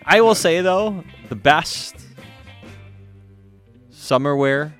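A man co-hosting a casual podcast chat, joking and animated, often restarting his sentences. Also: on the high side, slow, soft background music. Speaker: podcast co-host.

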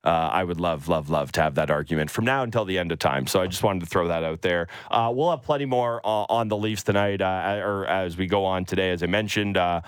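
Man, sports radio host, lowish voice, dry studio sound, playful banter. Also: brisk, hardly any pauses, clear, resonant tone, no room sound. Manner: playful, breaks into mocking high voices for imagined quotes. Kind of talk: animated sports radio chat. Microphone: studio microphone.

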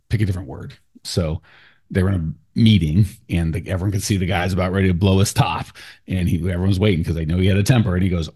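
A man hosting a podcast, coaching a client in a blunt, animated way. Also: low voice, breathy edge. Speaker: business coach and podcast host. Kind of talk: casual coaching talk.

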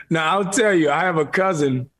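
A man from New Orleans with a New Orleans accent, a guest telling relaxed stories in a casual interview chat. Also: fairly high pitch, normal speed. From New Orleans, USA. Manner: relaxed storyteller, laughs easily. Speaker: guest, actor.

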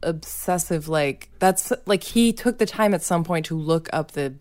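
A woman with a very low voice for a woman talks in a casual co-hosted chat. She thinks out loud and hedges her ideas as she goes. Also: measured pace. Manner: thoughtful, hedging with many "like" fillers.

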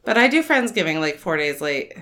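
Young woman podcast host, hiccuping, bright and lively, quick jokey banter. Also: sits low. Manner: joking, quick, laughs often. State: has the hiccups. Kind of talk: casual chat while watching a show.

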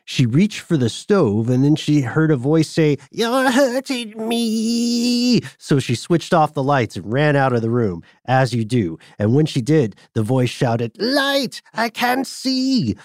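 Male podcast co-host, mid pitch, dry close mic, animated narrator. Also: normal speed, few pauses, no echo. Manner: lively, acts out quoted voices. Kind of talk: casual storytelling chat.

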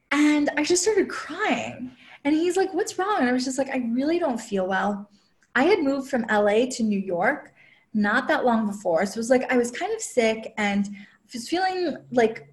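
A woman with a somewhat high voice tells a personal story as a guest on a chat show. She talks casually, packing her sentences with "like" and acting out little quoted lines from other people. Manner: chatty, heavy use of "like" fillers; quotes herself and others in lively asides. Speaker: podcast guest, relationship coach.

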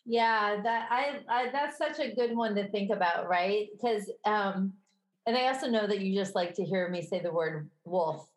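A woman with a Midwestern accent co-hosting a casual podcast chat, candid and quick to laugh. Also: medium pitch. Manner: chatty, laughs often, candid. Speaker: podcast co-host. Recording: echoey room.

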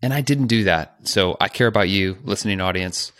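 A man co-hosting a podcast in relaxed, casual conversation. His voice is bright and forceful, sitting on the lower side for a man. He talks in a chatty way and slips in jokey, self-aware asides. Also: fairly quick. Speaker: podcast co-host.

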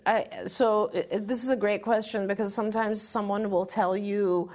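A woman's voice: medium pitch, fairly even intonation, normal speed, few pauses, darkish tone. A middle-aged woman co-hosting a talk show, giving earnest, encouraging advice to parents and often restarting her phrases. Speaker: podcast co-host answering parent questions.

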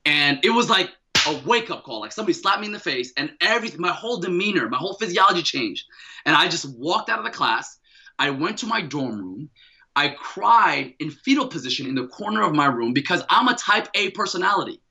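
A man's voice: fairly high pitch, big pitch swings, a little fast, sharp tone, slightly rough, low-quality recording. A man in his thirties, a podcast guest, telling a personal story with energy, slang and many repeated words.

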